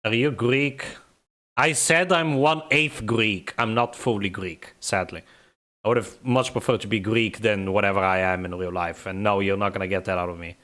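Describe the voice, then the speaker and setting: Bright-voiced young man with a vague Eastern European accent. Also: lowish voice, steady tone, moderate pace. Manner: rambling, joking, laughs often. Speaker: gaming streamer. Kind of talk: casual live gameplay commentary.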